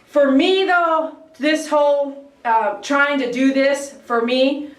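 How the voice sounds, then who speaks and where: A high-voiced woman chats on a live stream from her grooming salon, telling animated stories and acting out barking dogs. The room rings with echo, and she sits a little back from the mic. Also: slow pace, recorded from a distance. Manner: animated storytelling, imitates barking dogs, laughs often. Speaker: dog groomer. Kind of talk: casual livestream chat.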